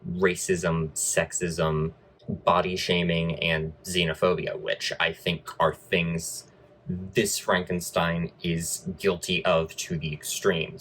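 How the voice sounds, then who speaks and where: A man's voice: low-pitched, a bit bright, low-quality recording. A man giving a casual film review with wry, sarcastic asides.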